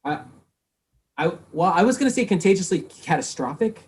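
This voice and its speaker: A woman's voice: fairly low pitch, animated, normal speed, a little mellow. A woman musician in a casual chat, enthusiastic and giggly. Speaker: guest musician. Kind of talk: casual chat on a live stream.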